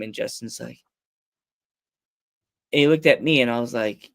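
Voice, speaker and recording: A man's voice: medium pitch, normal speed, vocal fry, pauses often. A man hosting a podcast, telling a story in casual chat, acting out other people's voices and laughing often. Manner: animated storyteller, acts out voices, laughs a lot. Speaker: podcast host.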